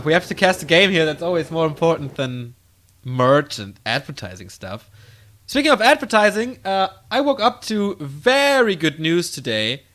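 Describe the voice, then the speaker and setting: A man casting a strategy game on his own, calling the action in quick play-by-play and rambling casually to viewers between games. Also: a little high, slight background noise. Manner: excitable play-by-play, drifting into loose rambling asides between games. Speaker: esports caster. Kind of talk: solo game commentary with casual chat.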